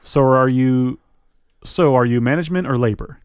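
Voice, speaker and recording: A man's voice: mid-range voice, moderate pace, clean tone, no echo, studio quality, lightly acted. A man reading aloud as a thin, stern young corporate HR man with stiff, formal phrasing. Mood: menacing.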